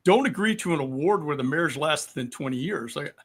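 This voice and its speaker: Sixties male veteran guest, mildly high voice, patient explainer. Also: animated, slightly rough. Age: 60s. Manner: explanatory, measured, with frequent ums. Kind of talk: podcast discussion.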